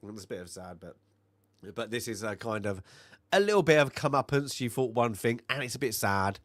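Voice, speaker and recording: A man co-hosting a film review podcast, recapping scenes in a rambling way with many fillers and quick bits of mimicry. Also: mid-range voice, lively intonation, fairly bright tone, no room sound, studio quality. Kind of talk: casual chat.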